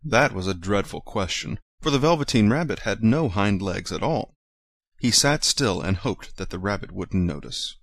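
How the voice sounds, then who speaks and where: Low-voiced man reading a storybook. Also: animated, normal speed, gravelly, fairly bright tone, dry recording, clean studio sound. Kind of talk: storybook read-aloud.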